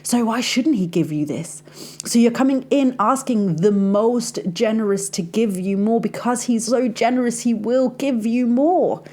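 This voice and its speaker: This podcast host and life coach has a slightly high, darkish voice and a measured pace. On her casual faith show she chats in a confiding way, speaking right to the listener as a friend, calling her "sis," with "like" turning up often.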